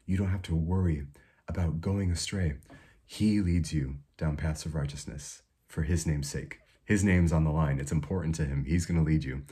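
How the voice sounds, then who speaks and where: A young man giving an informal devotional talk, soft-spoken and unhurried, with many fillers and restarts. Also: rumbling low, steady tone, husky. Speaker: preacher.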